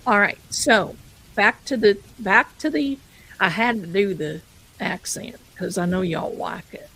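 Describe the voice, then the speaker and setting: A woman's voice: medium pitch, animated, slow, a bit bright, slightly rough, poor audio. Chatty woman telling ghost stories live. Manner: chatty, calls viewers "my darling". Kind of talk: casual live-stream storytelling.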